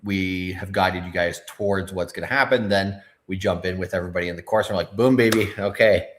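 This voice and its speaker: A man's voice: deep voice, level tone, fairly quick, fairly bright tone, slight background noise. A man co-hosting a livestream, talking loosely with frequent filler words and swearing. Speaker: co-host of a crypto livestream. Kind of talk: casual livestream chat.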